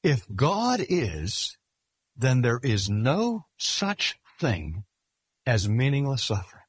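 A man's voice: medium pitch, wildly swooping pitch, husky, dry recording. Older man preaching, dry close sound. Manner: measured, emphatic delivery with slow stressed phrases. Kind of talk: sermon. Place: speaking at a cancer hospital.

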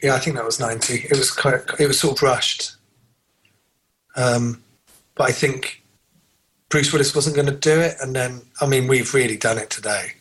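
A man's voice: medium pitch, moderate pace, long pauses, a bit bright, slight background noise, rough recording. A man co-hosting a casual film podcast, rambling through trivia with many fillers and restarts. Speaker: podcast co-host.

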